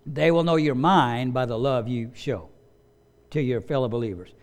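A man's voice: medium pitch, normal speed. A man preaching a sermon as pastor, emphatic and repeating key phrases for weight.

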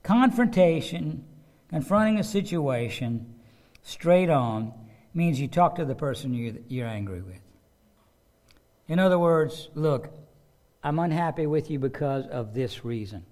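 A man's voice: fairly high pitch, animated, unhurried, long pauses, darkish tone. A man preaching a sermon in a conversational way, often repeating words and asking his listeners questions. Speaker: pastor. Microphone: microphone with a loose connection.

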